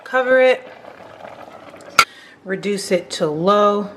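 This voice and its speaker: A woman's voice: medium pitch, animated, takes it slowly, very noisy. A woman chatting and joking with viewers while she cooks in her home kitchen, casual vlog style. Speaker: home cook vlogger.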